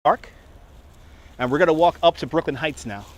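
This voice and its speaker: Man in his forties, higher voice, chatty, laughs at own jokes, walking outdoors, phone mic. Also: normal speed. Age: 40s. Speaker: livestreaming walking tour guide. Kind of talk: casual live-stream chat to viewers. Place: outdoors on city streets and a park. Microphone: phone on a handheld gimbal.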